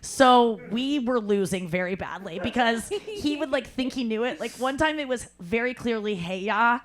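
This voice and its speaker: A woman hosting a live podcast, telling an animated story and acting out other people's lines, laughing often. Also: fairly high pitch, normal speed. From St. Louis. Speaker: podcast host. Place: live show at a cafe.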